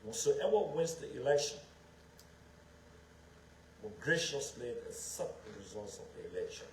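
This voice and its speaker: A man's voice: medium pitch, very animated, moderate pace, slight background noise. A man from Liberia, giving an emphatic public speech as a political speaker and repeating his phrases for effect. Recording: echoey room with faint background ambience.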